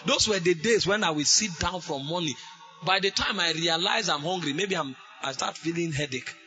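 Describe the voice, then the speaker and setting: A man preaching a sermon, fervent, with sudden shouted bursts. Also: on the high side, moderate pace, soft background music.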